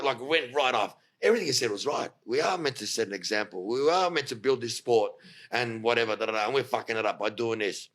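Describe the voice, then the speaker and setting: Man, podcast guest, forceful bright tone, animated storyteller who acts out quotes. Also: mid-range voice, quick pace. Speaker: guest, fight coach.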